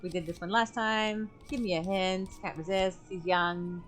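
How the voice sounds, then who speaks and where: A young woman streaming a game, chatting and thinking aloud, with sudden excited outbursts. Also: fairly low pitch, normal speed, a little hiss or hum. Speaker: gaming streamer. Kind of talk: let's play commentary.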